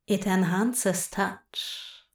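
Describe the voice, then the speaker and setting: A woman's voice: a little high, animated, measured pace, roomy sound. A woman voicing a seductive, sly male plant-fey king who murmurs and chuckles knowingly.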